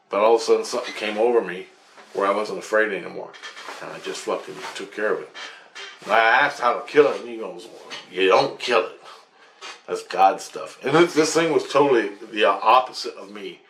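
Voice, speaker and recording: A man's voice: on the low side, a bit bright. A man telling a rambling, profane story about his dreams, casual and agitated. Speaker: vlogger recounting dreams. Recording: echoey room with faint noise.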